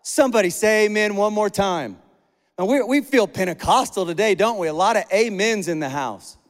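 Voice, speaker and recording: High-voiced man preaching in a reverberant hall. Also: normal speed. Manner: energetic, conversational preaching with repeated phrases. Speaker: pastor. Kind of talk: sermon.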